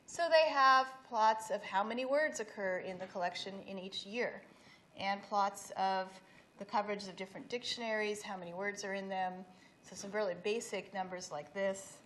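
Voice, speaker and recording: Middle-aged woman lecturing on stage, steady mid voice, bit of hiss behind. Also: medium pitch, moderate pace. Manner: explanatory, with restarts and slide references. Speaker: speaker giving a talk. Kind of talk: academic presentation. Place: event hall.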